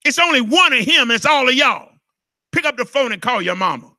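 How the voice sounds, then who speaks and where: A man's voice: very high-pitched, big pitch swings, brisk, bright, forceful tone, dry recording, clean studio sound. A middle-aged man preaching a sermon as a pastor, emotional and impassioned.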